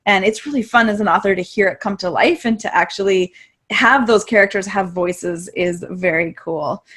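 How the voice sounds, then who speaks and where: A woman's voice: medium pitch, normal speed, a bit bright, husky. Woman author asking interview questions.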